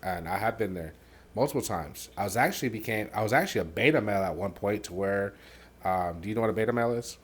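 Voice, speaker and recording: A man hosting a podcast, telling his own painful story candidly, halting with many fillers and dropping quiet on the hardest parts. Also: slightly rough. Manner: softens and drops low on painful parts. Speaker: podcast host.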